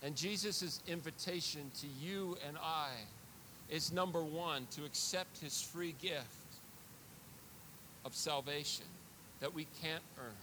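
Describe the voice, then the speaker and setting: A man's voice: on the high side, a little slow, pushed and bright, slight background noise. A man preaching a sermon as pastor, earnest and confessional, often repeating words as he builds a point.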